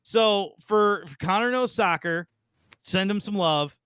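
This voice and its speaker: A bright, smooth man hosting a laid-back podcast with a joking manner. His voice is high and crisp, recorded close and dry. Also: unhurried, no echo. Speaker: podcast host. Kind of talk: casual podcast chat.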